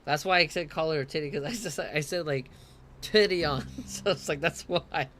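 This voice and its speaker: A man's voice: fairly high pitch, fairly quick, fairly bright tone, slight background noise. A man doing casual gameplay commentary, reading subtitles aloud, giggly and self-mocking. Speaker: gaming streamer.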